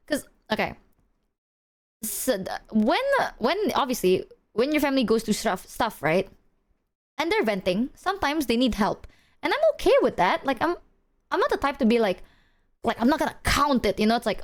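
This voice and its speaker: Animated young woman streamer, slightly high. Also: moderate pace. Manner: animated, swears a lot, slangy, laughing. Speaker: livestreamer. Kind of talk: casual stream chat.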